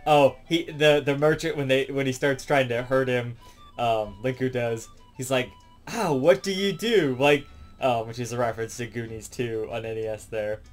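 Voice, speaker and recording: A man's voice: mid-range voice, level tone, normal speed, faint music behind. A man casually recapping a movie plot as a reviewer, rambling along with lots of "um" and "like" fillers. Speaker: film reviewer.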